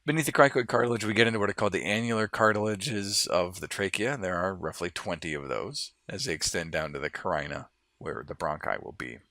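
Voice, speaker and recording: Bright-voiced man teaching anatomy. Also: sits low, fairly quick, no echo, clean studio sound. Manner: explanatory, relaxed, with fillers and restarts. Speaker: anatomy instructor. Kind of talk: lab model walkthrough lecture.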